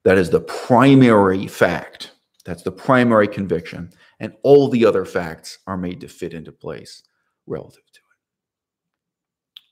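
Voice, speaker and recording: A man's voice: deep voice, lively intonation, a little slow, a little mellow. A man talking to camera in a casual, unscripted monologue, rambling with restarts and asides. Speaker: video essayist.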